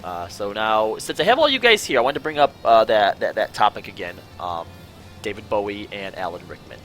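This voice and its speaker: A man's voice: fairly low pitch, sing-song, a little fast, fairly bright tone, faint music behind, poor audio. A man hosting a casual panel chat, asking his guests questions and rambling through his own musings. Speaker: podcast host.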